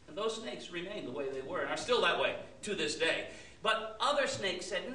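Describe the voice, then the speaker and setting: A woman telling a story in an expressive, sing-song way. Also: on the low side, normal speed. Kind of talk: animated storytelling. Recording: roomy, distant mic, faint hiss.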